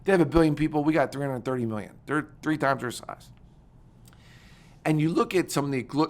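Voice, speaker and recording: A middle-aged man, a military veteran and former congressman, telling stories in an interview and acting out the conversations he quotes. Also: mid-range voice. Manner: energetic, animated storytelling that acts out quoted conversations. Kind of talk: casual interview storytelling.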